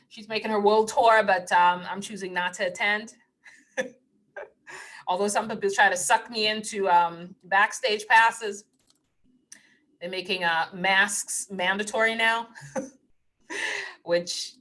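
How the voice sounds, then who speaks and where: A woman's voice: medium pitch, a little slow, a bit bright. A woman hosting a casual spiritual livestream, laughing often as she tells playful, digressive stories. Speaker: spiritual host.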